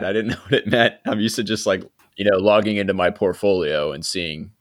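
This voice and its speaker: A young man hosting a podcast, recapping a TV episode in a relaxed, chatty way, often laughing and trailing off quietly. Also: lowish voice, brisk. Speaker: podcast host. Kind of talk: casual chat recapping a TV episode.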